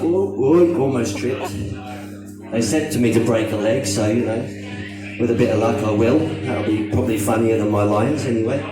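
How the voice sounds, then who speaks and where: A British man on a comedy stage puts on a mock Australian accent as he rambles, mocks himself and swears freely. His voice sits at a middle pitch. It rings through a very echoey room, heard from well away from the mic with music playing behind. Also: moderate pace, recorded from a distance. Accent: mock Australian over British. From Britain. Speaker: stand-up comedian. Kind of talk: live stand-up comedy. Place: stage at a live comedy show.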